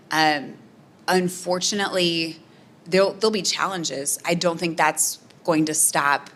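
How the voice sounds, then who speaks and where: A fairly bright, low-leaning voice belongs to a woman political scientist from the American Midwest. In a community center meeting room she responds to audience questions earnestly, peppering her answers with "um" and "right?".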